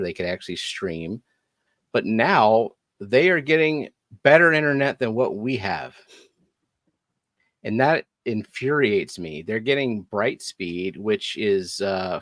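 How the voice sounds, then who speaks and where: A man's voice: mid-range voice, fairly bright tone, dry recording. A man hosting a casual live stream chat, talking in a dry, wry, complaining way. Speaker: livestream host.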